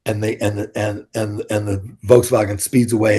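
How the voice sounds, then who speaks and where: A man's voice: on the low side, level tone, moderate pace, warm tone, breathy edge. An older man, telling rambling, blunt, profane stories as an interview guest. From New York City. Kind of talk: casual storytelling interview.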